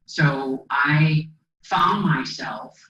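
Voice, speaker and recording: A man from Minnesota giving an inspirational keynote speech as a motivational speaker, an animated storyteller who acts out the dialogue. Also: on the high side, very slow. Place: presentation hall. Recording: echoey hall, distant mic, dull sound.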